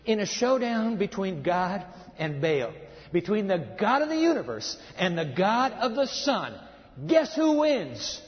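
A man preaching a sermon, emphatic, swinging between loud passages and hushed ones. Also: sits high, big pitch swings, measured pace. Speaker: pastor. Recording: reverberant hall, dull sound.

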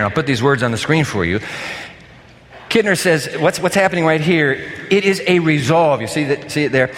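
Give me an older male pastor preaching in a church, his voice sitting fairly high and carrying a long hall reverb, talking in a lively, emphatic way. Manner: animated, conversational, emphatic. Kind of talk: sermon. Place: church sanctuary.

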